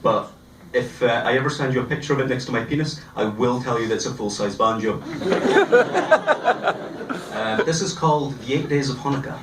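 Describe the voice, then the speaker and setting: An eighteen-year-old man doing a stand-up comedy set on a club stage, delivering deadpan one-liners with pauses. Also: medium pitch, music in the background. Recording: roomy live club sound from a distance.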